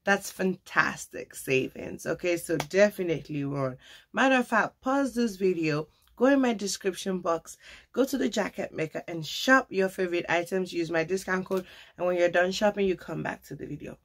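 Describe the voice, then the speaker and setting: A woman's voice: on the low side, moderate pace. A young woman vlogger gushing over a sponsored coat as she unboxes it, calling viewers honey and tagging her sentences with okay. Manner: tags many phrases with okay. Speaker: fashion vlogger. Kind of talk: sponsored product review and unboxing.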